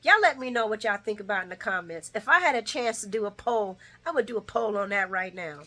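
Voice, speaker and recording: A woman's voice: expressive, fairly quick. Chatty, opinionated woman recapping a soap. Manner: opinionated and chatty, swinging between loud bursts and low asides. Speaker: soap opera recap vlogger. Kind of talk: casual recap commentary.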